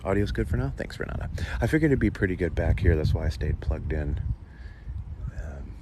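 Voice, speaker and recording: A man with a fairly low voice talks casually as he walks along a beach lagoon, greeting viewers by name and chatting loosely. He speaks into a plugged-in mobile mic, and outdoor wind and nature noise are clearly heard behind him. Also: expressive, a little fast. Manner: chatty, reads viewer comments aloud, nervous laughs. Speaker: livestream host. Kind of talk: casual walking livestream chat. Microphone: plugged-in mobile mic while walking.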